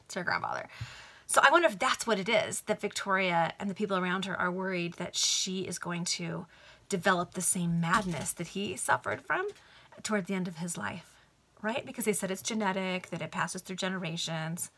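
A woman's voice: medium pitch, a little fast, sharp tone. A woman reading a novel aloud to friends over a video call, breaking off to chat and think aloud. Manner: chatty, thinks aloud, laughs. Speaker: reader in a book club. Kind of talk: reading aloud with casual comments.

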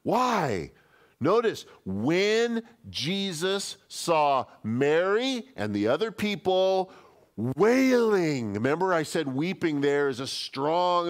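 Emphatic pastor teaching Bible study. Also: male voice, a little high, very animated, slow pace. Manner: conversational and emphatic, acting out quoted speech.

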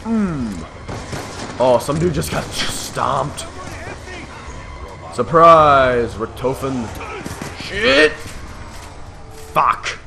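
A young man giving casual commentary while playing a video game, full of excited little exclamations. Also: mid-range voice, drawn-out words, gravelly, long pauses. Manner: excitable, with lots of surprised exclamations. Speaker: gamer. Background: game music.

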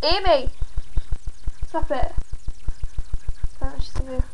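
A woman's voice: high voice, slow pace, slight background noise, low-quality recording. A woman at home filming her dogs, repeating short commands and cooing praise at them. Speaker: dog owner filming her pets' tricks. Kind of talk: casual home video.

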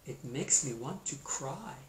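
Man as a sorrowful storybook cockatoo, slow and sighing, roomy echo. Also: medium pitch, animated, a little hiss or hum, natural voice. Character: tearful, moved cockatoo.

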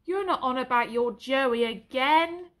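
A woman voicing a blunt young male soldier who teases his friend loudly. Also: high-pitched, unhurried. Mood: teasing.

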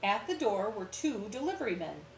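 A woman reading a picture book aloud to children, expressive, pausing to ask her listeners questions. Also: mid-range voice. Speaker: storyteller. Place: church room. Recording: roomy echo, faint background hum.

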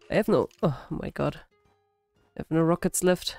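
A woman with a sick, hoarse voice, giving casual, self-deprecating commentary while playing a building game. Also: low-pitched, moderate pace, long pauses, a little mellow, soft background music. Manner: self-deprecating, frequent laughs. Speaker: gaming channel host. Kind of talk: casual let's-play commentary.

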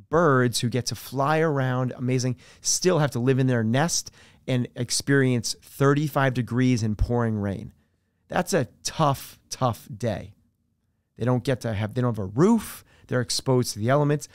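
A man speaking as a podcast guest and coach, explaining his ideas earnestly with everyday examples and dropping his voice softer on key terms. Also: mid-range voice, dry recording, clean studio sound. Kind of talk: conversational podcast interview.

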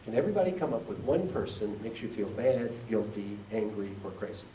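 A man gives a motivational keynote and leads the crowd in call and response. His pitch swings widely. He sounds distant in an echoey hall, over faint background noise. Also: expressive, brisk, mellow. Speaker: keynote speaker. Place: conference hall with an audience.

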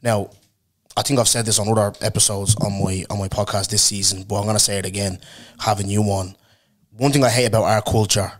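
A man with a fairly low voice hosts a casual podcast. He asks his guest questions in a chatty way and keeps calling him "bro". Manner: chatty, says "bro" often. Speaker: podcast host.

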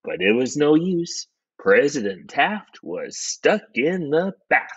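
A man reads a children's story aloud at an unhurried pace, his voice rising and falling dramatically. His tone is a little husky, and the recording sounds somewhat dull. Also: no echo. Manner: slow, expressive, swoops in pitch for effect. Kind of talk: children's picture book read-aloud.

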